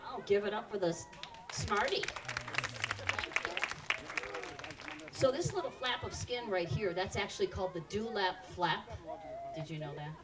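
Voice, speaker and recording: A woman's voice: mid-range voice, very animated, unhurried, long pauses, distant mic, over a noisy crowd, heavy background noise. A woman presenting live animals to children at an outdoor park show, quizzing the audience in an upbeat way.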